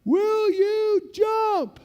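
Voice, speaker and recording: A man voicing a gruff, teasing male master sergeant who barks orders at a jumper and laughs at him. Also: very high-pitched, slow, warm tone, in a large hall, voice pushed up. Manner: barking orders, mocking and laughing.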